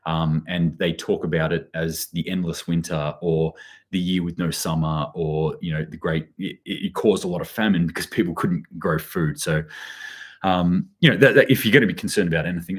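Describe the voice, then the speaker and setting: Deep-voiced male host, loose off-the-cuff news commentary, reads out chat comments. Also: brisk, husky. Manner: rambling, many fillers and restarts, reads out chat comments.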